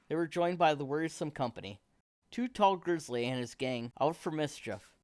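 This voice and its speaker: A man reading a children's picture book aloud in a steady, expressive storytelling manner. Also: a little high, dry recording, clean studio sound.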